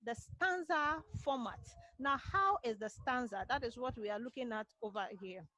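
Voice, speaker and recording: A woman's voice: fairly high pitch, moderate pace, sharp tone, no room sound, low-quality recording. A woman with a Ghanaian accent teaching a literature class online, drilling key points and asking "what?" questions that she answers herself. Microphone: computer mic on a video call.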